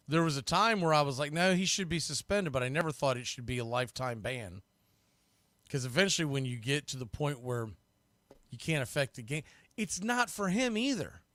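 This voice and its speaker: A man hosting fan play-by-play, rambling through opinionated asides between pitches on a close mic. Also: fairly bright tone, no room sound. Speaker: host and play-by-play announcer.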